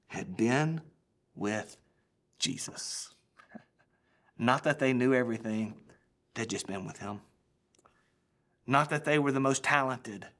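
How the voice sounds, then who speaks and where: Dramatic male pastor preaching a sermon. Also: mid-range voice. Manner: dramatic preaching, swinging between loud emphasis and hushed near-whisper.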